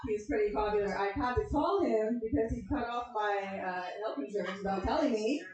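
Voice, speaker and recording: A woman performing a deadpan, self-deprecating stand-up set on a comedy club stage, asking the crowd questions between jokes. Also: medium pitch, brisk, dull audio. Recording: echoey club room from far off, crowd laughter. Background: audience laughing.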